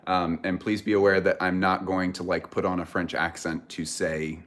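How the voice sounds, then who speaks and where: An American man with a very deep voice chats casually with viewers on a livestream. He rambles, stops to correct himself and often trails off into laughter. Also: little pitch movement, moderate pace, fairly bright tone. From United States. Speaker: streamer chatting with viewers.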